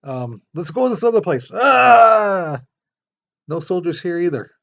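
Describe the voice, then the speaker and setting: A man's voice: sits high, a little slow, vocal fry, voice pushed up, full character voice. A man acting out eager soldiers whooping and hunting for a fight. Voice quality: whooping, excited. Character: eager young soldiers, men, charging around.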